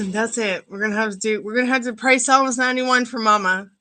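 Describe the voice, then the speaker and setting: A woman's voice: fairly high pitch, fairly even intonation, fairly quick, pushed and bright, a little hiss or hum, rough recording. A woman giving a live-stream tarot reading, chatty and rambling and laughing often. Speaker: tarot reader. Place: at home.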